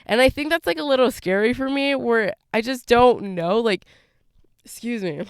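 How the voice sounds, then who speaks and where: A woman's voice: fairly high pitch, normal speed, clean tone, dry recording, clean studio sound. A young adult woman hosting a solo podcast, talking casually and rambling with many fillers, her throat a little scratchy. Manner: rambling, lots of "like" and "you know". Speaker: podcast host.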